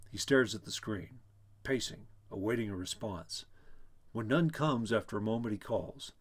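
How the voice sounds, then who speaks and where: A man giving a dramatic reading of a play, voicing the stage directions in a measured way. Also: lowish voice, husky. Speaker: reader.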